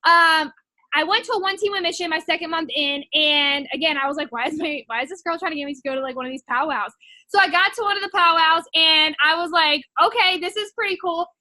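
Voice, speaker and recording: A woman's voice: very high-pitched, fast, sharp tone, dry recording. A young woman telling her story in a chatty, rambling way, full of filler words. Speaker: network marketing distributor. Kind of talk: casual personal testimony.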